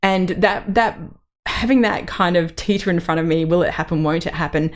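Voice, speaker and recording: A woman's voice: fairly low pitch, moderate pace. A middle-aged woman, hosting her own podcast in a chatty, open way with plenty of ums. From Australia. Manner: chatty and open, many ums, laughs through emotion. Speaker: podcast host. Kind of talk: solo podcast reflection.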